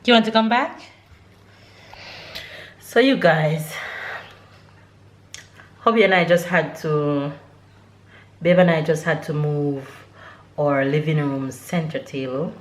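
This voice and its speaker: A woman's voice: low-pitched, slow pace, long pauses. Chatty young woman vlogging at home. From Jamaica. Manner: chatty, laughs often, coos at her baby. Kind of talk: casual family vlog. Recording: roomy echo, faint background noise.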